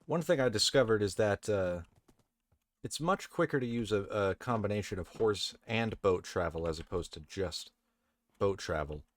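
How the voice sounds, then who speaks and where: A man giving relaxed, casual commentary while playing a video game, chatting to the game characters and swearing now and then. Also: lowish voice, normal speed, no echo. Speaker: let's play host.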